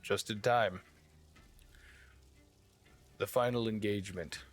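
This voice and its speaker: A man's voice: lowish voice, steady tone, slow pace, soft background music. A man voicing a fierce, battle-hardened knight commander giving a harsh war speech to his troops. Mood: stern.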